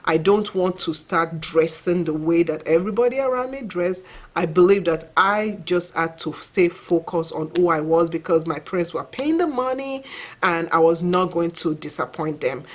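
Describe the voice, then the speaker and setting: Woman in her forties, lowish voice. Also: normal speed. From Nigeria. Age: 40s. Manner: reflective, earnest, conversational with fillers. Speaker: vlogger and mother. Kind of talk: personal storytelling to camera.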